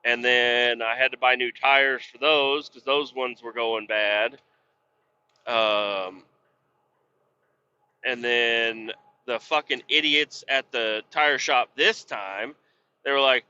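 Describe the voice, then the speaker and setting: A man's voice: mid-range voice, fairly even intonation, a little slow, sharp tone, smooth, highs cut off. A man hosting a podcast, telling a rambling, profane story in casual chat and getting worked up as he acts out arguments. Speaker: podcast host.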